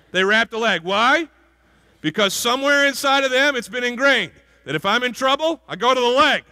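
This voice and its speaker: A man's voice: very high voice, pushed and bright. A male pastor giving a conversational sermon and asking the congregation questions. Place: church sanctuary. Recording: hall reverb from a church.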